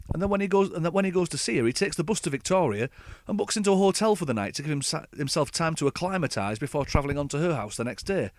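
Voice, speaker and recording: A man delivers a scripted comic rant with a sardonic edge, his voice sitting at an ordinary middle pitch. The recording is close and dry, with no room sound around him. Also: no room sound. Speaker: podcast host.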